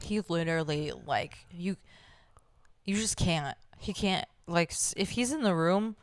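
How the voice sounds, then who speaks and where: A woman's voice: lowish voice, unhurried, dry recording. A playful woman co-hosting a podcast. She jokes and chats casually. Her voice is recorded close and dry. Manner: playful, jokey, breaks into loud exclamations. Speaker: podcast co-host. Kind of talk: casual chat recapping a reality show.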